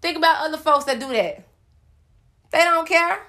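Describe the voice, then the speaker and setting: A woman's voice: sits high, moderate pace, fairly bright tone. A woman hosting a solo podcast, preaching at her listeners with sass and speaking directly to them. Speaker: podcast host.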